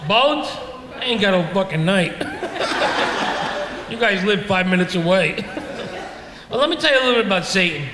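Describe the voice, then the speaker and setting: A man's voice: high-pitched, lively intonation, normal speed, pauses often, very noisy. A middle-aged man doing a stand-up comedy set in a club, ranting in an exasperated, self-mocking way. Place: comedy club stage with laughing audience. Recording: echoey club room with reverb.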